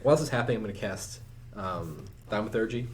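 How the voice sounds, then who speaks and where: A man's voice: fairly low pitch, fast, a little hiss or hum. A man playing in a tabletop game, brash and casual, swearing now and then. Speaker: player.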